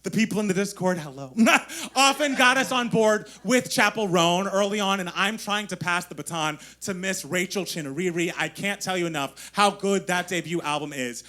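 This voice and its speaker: A man co-hosting a podcast live on stage, talking in a gushing, excitable way and laughing often. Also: high voice. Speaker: podcast co-host. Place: live stage before an audience.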